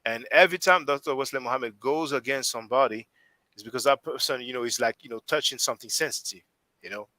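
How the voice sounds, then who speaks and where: French-accented male stream host, bright tone, thinks aloud with frequent restarts. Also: mid-range voice, fast talker, no room sound, low-quality recording. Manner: rambling, restarts often while thinking aloud. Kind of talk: casual discussion on a live stream.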